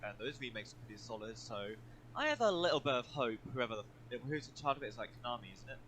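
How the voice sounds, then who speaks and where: A man with a New Zealand accent co-hosts a casual podcast chat in a bright, forceful voice. He rambles and swears freely, over faint background hiss. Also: mid-range voice, expressive, fast. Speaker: podcast co-host.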